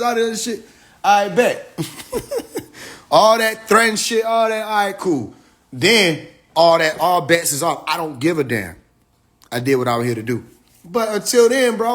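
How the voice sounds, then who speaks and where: A man talking casually to his viewers on a phone livestream, excitable, laughing often and swearing freely. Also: sits high, moderate pace. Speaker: livestream host.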